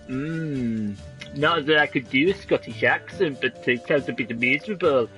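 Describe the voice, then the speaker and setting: A man's voice: mid-range voice, a little slow, pushed and bright. A man streaming a video game, chatting in rambling, joking asides. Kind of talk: casual game commentary. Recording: voice over game music.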